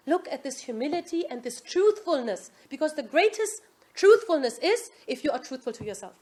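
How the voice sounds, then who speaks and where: High-voiced woman teaching an Islamic class. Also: normal speed. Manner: asks the class "Yes?" often, lively quoting. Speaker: religious teacher.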